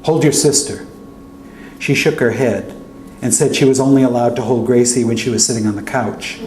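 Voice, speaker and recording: A male author narrating his own fiction aloud in a steady first-person voice at a college reading. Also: mid-range voice, brisk. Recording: echoey hall with faint hum.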